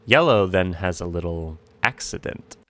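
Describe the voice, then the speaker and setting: A man's voice: deep voice, animated, normal speed, no echo. A man talking through a video analysis of a show in a wry, joking and speculative way. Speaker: commentary host.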